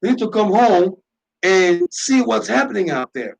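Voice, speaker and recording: Man, high voice, talk show host, impassioned, repetitive, emphatic monologue. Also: wildly swooping pitch, normal speed, vocal fry, low-quality recording.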